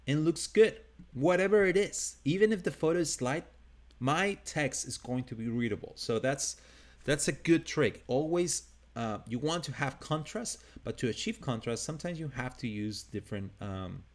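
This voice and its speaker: Brief: accented male instructor, live screen-share lesson, relaxed and upbeat, mid pitch, restarts sentences. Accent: non-native English. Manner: casual, upbeat, thinking aloud with restarts. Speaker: design instructor.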